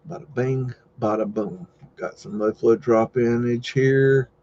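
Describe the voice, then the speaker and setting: Guy on a livestream rambling and cracking jokes about old pics, middle pitch, kinda dull lo-fi sound. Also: fairly even intonation, unhurried, a little hiss or hum. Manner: rambling, joking, easygoing asides and loud exclamations. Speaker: host. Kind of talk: casual live-stream commentary over old photos.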